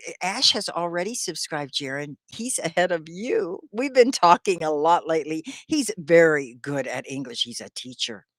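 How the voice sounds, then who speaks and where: A woman teaching English on a live stream, speaking slowly and clearly with encouragement, often laughing as she talks to viewers. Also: fairly low pitch, dry recording, clean studio sound. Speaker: ESL teacher.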